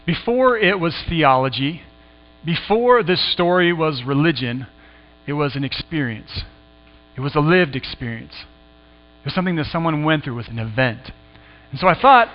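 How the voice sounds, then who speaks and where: A man preaching a sermon, retelling a scripture story dramatically, sometimes falling to a hush and sometimes rising in excitement. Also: on the high side, normal speed. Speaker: pastor. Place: church sanctuary. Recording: muffled hall recording with mains hum.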